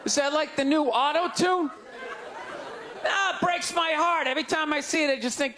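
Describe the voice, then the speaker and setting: A man with a Boston accent doing a stand-up set on stage, ranting in loud, exasperated bursts that break into shouts. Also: very high-pitched, normal speed. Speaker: stand-up comedian. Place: live comedy stage before an audience. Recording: live crowd laughter, faint background noise. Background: audience laughter.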